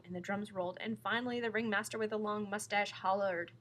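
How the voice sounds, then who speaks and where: A woman reading a children's book aloud in a lively, playful way. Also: medium pitch, brisk, hardly any pauses, poor audio. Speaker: storyteller.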